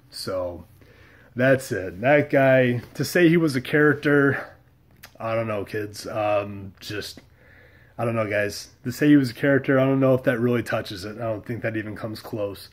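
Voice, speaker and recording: A man's voice: medium pitch, normal speed. Middle-aged guy vlogging, blunt and wry, telling a work story with some cussing. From United States. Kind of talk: casual storytelling monologue.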